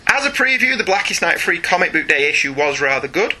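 A man's voice: a little high, fairly quick. A man co-hosting a casual podcast, chatting and reading listener emails aloud with frequent laughs. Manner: chatty, animated, laughs often, reads aloud. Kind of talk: casual chat.

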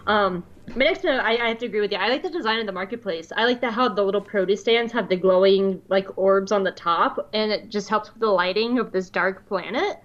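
A woman's voice: medium pitch, a little fast, hardly any pauses. A woman co-hosting a podcast in casual chat, giggly and playful, teasing her co-host. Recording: dull lo-fi sound.

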